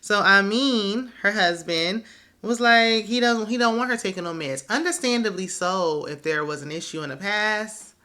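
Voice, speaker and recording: A woman's voice: medium pitch, normal speed, sharp tone. A woman hosting a casual reality TV recap, chatty and opinionated, who laughs often.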